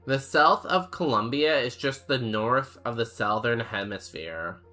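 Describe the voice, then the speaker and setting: Young man, game streamer, unhurried delivery, bright forceful tone, rambling casual chat, faint music behind. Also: mid-range voice. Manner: rambling, filler-heavy, jokey. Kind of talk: casual chat while playing and reading chat.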